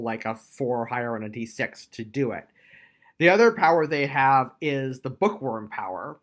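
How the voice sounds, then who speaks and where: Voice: mid-range voice, a bit bright. A tabletop game reviewer giving a casual video review, chatty and explanatory with frequent fillers.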